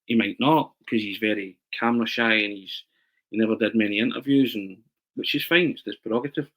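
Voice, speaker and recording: Man, journalist guest, animated anecdotes, laughing, stumbling over repeats. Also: lowish voice, a little fast, poor audio. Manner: animated, laughing, repeats and restarts his words. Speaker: journalist and writer, interview guest. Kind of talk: anecdotal storytelling in an interview.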